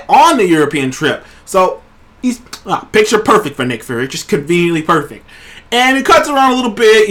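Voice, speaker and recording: A man hosting a casual trailer review show, talking in an excited, rambling way and swearing freely. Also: high voice. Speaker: show host.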